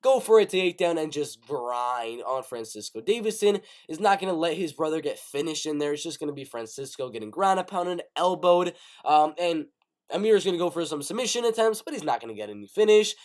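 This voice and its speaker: A man hosting a casual live show, giving animated, rapid-fire fight predictions with play-by-play bursts. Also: a little high. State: coughing, sick. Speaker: MMA prediction show host. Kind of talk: casual live-stream commentary.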